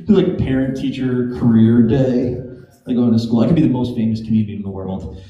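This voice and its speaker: A man's voice: medium pitch, fairly even intonation, normal speed, highs cut off. A man doing a stand-up comedy set, loose and joking, working the crowd with laughing asides. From Greek heritage. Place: comedy club stage. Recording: echoey club with audience.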